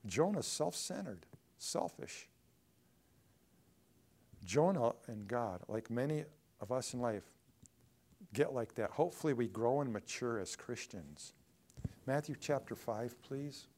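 A male pastor preaching from the pulpit. He jumps into high, loud acted-out pleas, then sinks low and quiet for reflective passages. The delivery is dramatic and full of feeling. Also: expressive, a little slow, long pauses. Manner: dramatic, acts out quoted pleas in a raised voice. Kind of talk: sermon.

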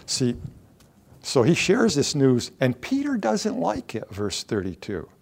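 A man's voice: mid-range voice, wildly swooping pitch, unhurried, gravelly, a little mellow. A man preaching a conversational sermon to a congregation, growing emphatic when he acts out quoted lines.

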